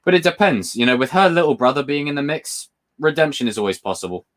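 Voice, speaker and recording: A man's voice: on the high side, animated, fast. A man hosting a casual live stream. He reads viewer questions aloud, answers them, swears casually and laughs a lot while telling stories.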